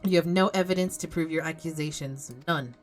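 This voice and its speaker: A woman's voice: sits low, a little fast, soft background music, lightly acted. A woman voicing a scheming male merchant villain, haughty and indignant in a theatrical way.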